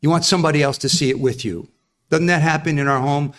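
A man preaching to his congregation in a slightly high voice. He is animated, acts out the people he quotes and keeps asking his listeners questions. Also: fast. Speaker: pastor. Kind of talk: sermon.

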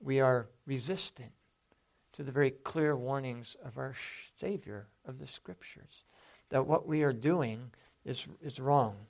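A man's voice: medium pitch, unhurried, gravelly, darkish tone. A man preaching a sermon in an earnest, conversational way, often restarting his sentences.

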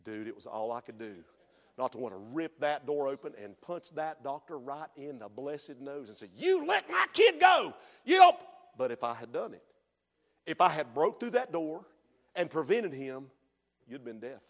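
A middle-aged man preaching a sermon as pastor, dropping to hushed storytelling and rising to shouted exhortation. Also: mid-range voice, animated, moderate pace. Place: church sanctuary. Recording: long reverb of a church hall.

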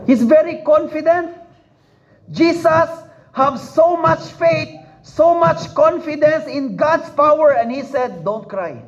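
A man preaches in a high, unhurried voice. He repeats his phrases for emphasis and puts questions to his listeners. The recording sounds dull and lo-fi. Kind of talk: sermon.

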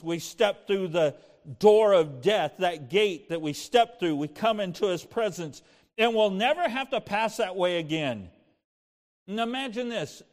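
An older male pastor preaching in a fairly high voice that swings from fervent declarations down to quiet, tender storytelling. His words ring out with a long reverb trailing behind them. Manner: impassioned preaching with soft storytelling. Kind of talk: sermon.

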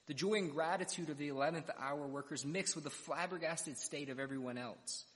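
A man's voice: fairly high pitch, a little fast, fairly bright tone. A man preaching an expository sermon verse by verse and retelling a parable dramatically. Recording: long reverb of a large hall.

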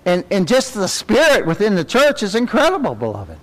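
A middle-aged man teaches a church Sunday school class briskly, in a conversational Bible lesson. Slightly high-voiced and animated, he peppers the class with tag questions and lowers to a gentle murmur whenever the words turn reverent.

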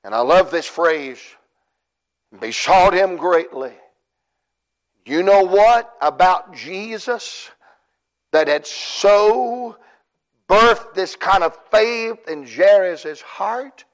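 Impassioned high-voiced preacher, slow delivery. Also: male voice, lively intonation, low-quality recording. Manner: impassioned preaching, swinging from hushed murmurs to shouted cries; draws out words slowly for emphasis. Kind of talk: sermon.

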